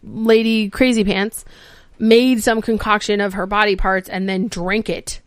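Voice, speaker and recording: A woman podcast host giving a casual, animated recap of a TV episode, acting out the characters' lines and swearing freely. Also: mid-range voice, unhurried, clean tone, no echo. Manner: animated storytelling, acts out quotes, swears freely.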